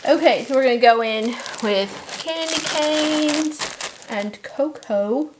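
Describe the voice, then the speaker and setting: A woman's voice: high-pitched, takes it slowly. A woman in her thirties packing shop orders while telling rambling stories and laughing often. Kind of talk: chatty vlog while packing. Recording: noticeable background noise and crinkling packaging.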